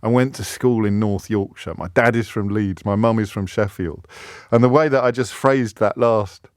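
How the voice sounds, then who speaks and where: A man's voice: lowish voice, moderate pace, no room sound. Talk radio host, English man, middle-aged, rambling and self-mocking, dry close sound. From England. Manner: rambling, self-deprecating, with many restarts. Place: radio studio. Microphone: studio microphone.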